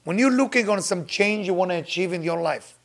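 Older spiritual teacher, high-voiced, emphatic and repetitive, loose grammar. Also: male voice, expressive, fairly quick, vocal fry, fairly bright tone. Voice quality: non-native grammar. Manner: emphatic, repeats phrases, rises to sudden high exclamations. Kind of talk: sermon to followers.

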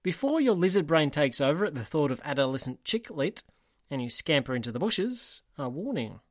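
A man's voice: on the high side, sing-song, brisk, dry recording. A man co-hosting a book podcast, wry and dryly humorous. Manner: wry, dry humour. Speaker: podcast co-host. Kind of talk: scripted intro and casual chat.

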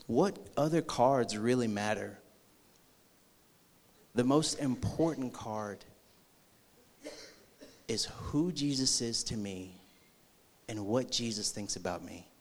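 A man preaching a sermon, acting out a movie scene with energy before turning slow and earnest. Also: mid-range voice. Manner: slows and softens into earnest preaching. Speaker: youth pastor.

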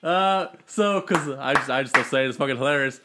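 A man co-hosting a podcast, telling relaxed stories and laughing often in casual banter. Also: medium pitch, brisk, heavy background noise. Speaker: podcast co-host.

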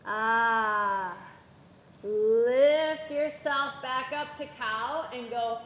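High-voiced woman leading kids' yoga. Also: slow pace. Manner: gentle, encouraging, playful instructions. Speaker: yoga teacher. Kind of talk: guided kids' yoga class. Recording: echoey room with faint background noise.

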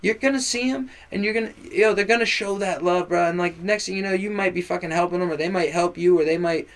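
A young man as a podcast guest, talking in an excitable, casual way, swearing freely and spelling things out letter by letter. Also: high-pitched, quick pace. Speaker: guest musician.

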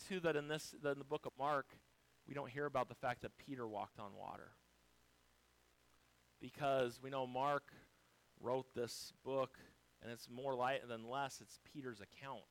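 A male pastor preaching a sermon, swinging from quiet, low passages to loud, high-pitched exhortations. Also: gravelly, rough recording.

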